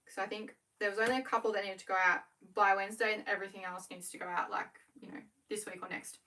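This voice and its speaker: A young Australian woman talks casually to her livestream viewers while busy with work, chatty and quick and often correcting herself. Her voice sits in a middle pitch. She is a little distant from the microphone. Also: steady tone, bright, forceful tone, a little hiss or hum. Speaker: small business owner livestreaming. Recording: voice a bit far from the mic.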